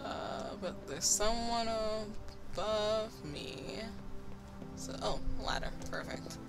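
A gameplay commentator in casual let's-play talk who reads game dialogue aloud and gets loud and excited in fights. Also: mid-range voice, slow. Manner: reads on-screen text aloud, breaks into excited yelling during fights. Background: loud game music.

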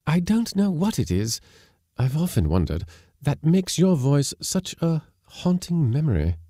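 A man reading aloud, voicing an earnest, self-assured gentleman who speaks intimately of the past. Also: a little high, huge pitch swings, a little slow, dry recording, clean studio sound, pitched above the performer's own voice, full character voice.

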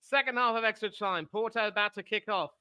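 A man co-hosting a football stream, calling the play calmly between the host's rants. His voice sits high for a man. It has a bright, forceful edge. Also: fairly quick, clean tone. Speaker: co-host giving match updates. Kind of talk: casual match commentary.

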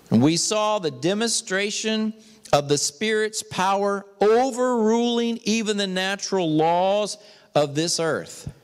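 A man's voice: sits high, long reverb tail. A man preaching an emphatic sermon as a pastor, speaking in a church sanctuary.

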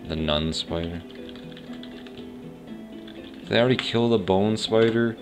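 A man with a lowish voice speaks a little slowly, rambling and unsure as he thinks aloud. He's a let's play host giving casual gameplay commentary, with faint game music behind him.

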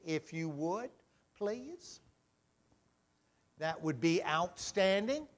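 Guy asking kids questions in church, lively bouncy voice, kinda high. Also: slow, pauses often, soft background music. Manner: gentle, questioning, folksy. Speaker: pastor leading a children's message. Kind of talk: friendly talk with children in church. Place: church sanctuary.

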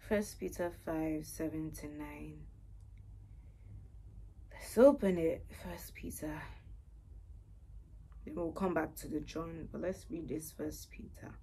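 A woman's voice: low voice, fairly even intonation, takes it slowly, long pauses, dark tone, breathy edge. A woman sharing a personal faith testimony in an earnest, repetitive way. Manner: earnest, repeats herself with many "you know"s.

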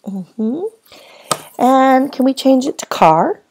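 A woman teaching a phonics lesson to first graders, speaking slowly and clearly and talking as if the children are answering her. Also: a little high, big pitch swings, mellow. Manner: slow, clear, patient teacher voice with drawn-out words.

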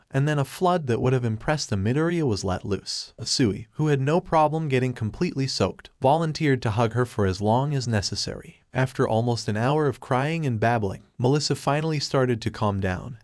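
A man reading a story aloud in an even, steady narrating voice. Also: medium pitch, no echo, studio quality. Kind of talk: reading fan fiction aloud.

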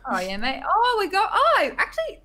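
Bright, bubbly Australian woman host. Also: extremely high pitch, huge pitch swings, normal speed. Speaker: podcast host. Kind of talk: casual podcast chat.

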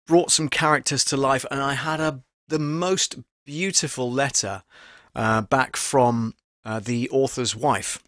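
Man, voice actor, casual live-stream lesson, mid pitch, dry studio sound. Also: dry recording. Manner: chatty and animated, with many fillers. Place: home studio booth. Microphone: studio microphone at close range.

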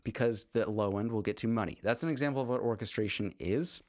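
A man with a fairly low voice talks through a music lesson in a loose, rambling way, circling back and restarting his sentences. He sounds enthusiastic about the subject. The sound is dry and close, with no room echo. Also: fast, a little mellow. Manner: rambling, with frequent restarts and fillers. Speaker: composer teaching on a video channel. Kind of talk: casual spoken lesson.

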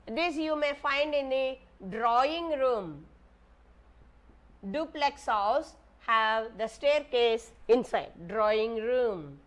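A woman's voice: a little high, expressive, slow pace. A woman with an Indian English accent, teaching a maths lesson to young children, patiently asking questions and spelling words out letter by letter. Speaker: primary school teacher.

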